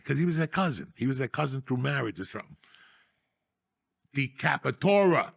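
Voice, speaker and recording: Gravelly middle-aged New man. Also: medium pitch, moderate pace, fairly bright tone, no echo, studio quality. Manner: profane, laughing through his stories. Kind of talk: casual storytelling talk.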